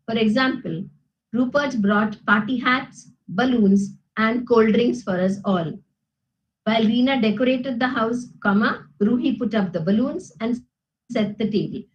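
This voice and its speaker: Lady teacher, high pitched, lots of "you know", checks in with the class. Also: low-quality recording. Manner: explanatory, many fillers and tag questions. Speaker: college English teacher. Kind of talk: classroom grammar lesson.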